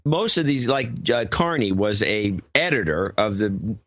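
A man's voice: fairly low pitch, animated, unhurried, a bit bright, dry recording. Grumbling older male co-host, dry sound. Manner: grumbling, sarcastic. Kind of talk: casual chat.

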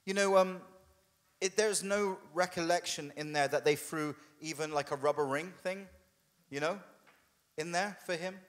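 A man preaching a sermon as a pastor, conversational and humorous, putting on quick voices for the people in his story. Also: on the high side, big-room sound. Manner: conversational and humorous, with quoted asides. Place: church hall.

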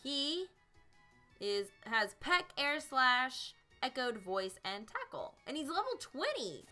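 A woman's voice: high voice, big pitch swings, slow, bright, forceful tone, soft background music. A young woman from South Carolina, chatting and giggling through a live game stream. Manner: bubbly, giggly, chatty with chat. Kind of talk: live gameplay commentary.

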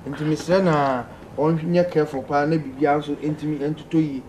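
A man hosting a call-in advice show, reading out listener messages in a lively way and laughing often. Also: a little high, moderate pace, background noise. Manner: lively, laughing, pleading with callers to speak.

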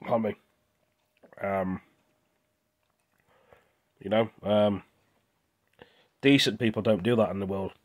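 A man's voice: on the low side, steady tone, slow pace, pauses often. A young British man talking with his mouth full, venting in a rambling, indignant casual vlog. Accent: British English. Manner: rambling and indignant, with restarts and repeated words. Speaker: vlogger.

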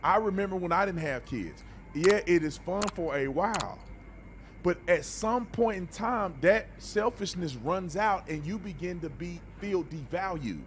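A man with a slightly high voice gives casual reaction commentary, blunt and preachy, stumbling over repeated words. Faint ambient noise sits behind him. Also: lively intonation, a little slow. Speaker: reaction video host.

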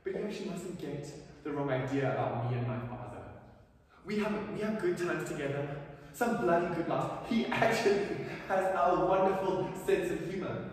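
Guy doing a cocky needling schoolboy, kinda high voice, echoey hall, mic way off. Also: animated, moderate pace, distant mic, natural voice. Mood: boastful. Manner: boastful, needling. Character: proud, mocking teenage schoolboy. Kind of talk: stage play rehearsal. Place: rehearsal hall.

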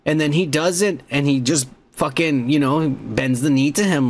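A young man hosting a podcast, rambling and swearing excitedly as he reviews a show episode. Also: on the high side, normal speed, hardly any pauses. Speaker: podcast host. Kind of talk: casual profane show review.

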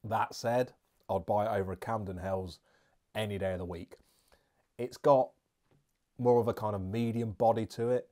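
A man's voice: lowish voice, dark tone. A man reviewing beer and snacks in a casual, chatty, jokey vlog with rambling asides.

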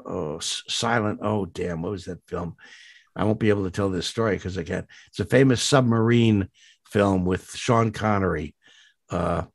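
An older man, a voice actor, chatting in an interview and telling rambling stories with many restarts and sudden jumps up in pitch. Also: vocal fry, no room sound, studio quality. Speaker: guest voice actor. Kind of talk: casual interview chat.

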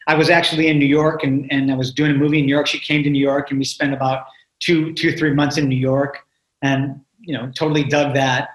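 A man's voice: a little high, little pitch movement, brisk. A man in his sixties, a guest actor, chatting casually in an interview and often repeating words as he thinks. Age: 60s. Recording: roomy echo.

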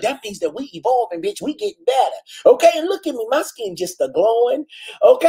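Flamboyant husky man hosting a live stream. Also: very high-pitched, normal speed. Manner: flamboyant, exclamatory, animated. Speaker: host of a live online talk show. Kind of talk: casual live-stream chat reading comments.

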